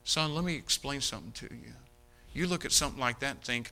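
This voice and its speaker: A male preacher telling a story in a sermon, emphatic and dramatic, dropping to a hush in prayer. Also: medium pitch, quick pace.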